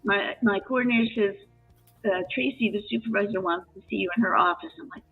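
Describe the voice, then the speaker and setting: A woman tells a long work story over a call in a loose, animated way. She keeps restarting sentences and her voice rises as she gets worked up. Her voice is a little high and husky, and it comes through a tinny phone line with faint music underneath. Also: fairly quick. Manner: animated, emotional retelling with restarts. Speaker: live chat guest. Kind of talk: casual storytelling chat.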